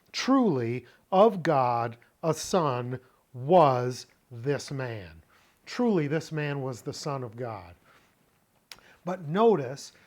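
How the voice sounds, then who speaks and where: A man teaching a lesson on scripture word by word, slow and deliberate, often pausing to spell out each term. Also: fairly high pitch. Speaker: Bible language teacher.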